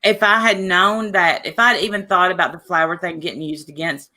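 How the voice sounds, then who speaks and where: A woman with a bright, clear tone talks in a live stream chat. She presses her points insistently and defends herself. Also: on the low side, steady tone, a little fast.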